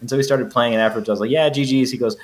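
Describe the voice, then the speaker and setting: A man's voice: medium pitch, steady tone, rapid-fire. A young man co-hosting a podcast, trading jokes and profane comic asides in casual banter. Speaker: podcast co-host.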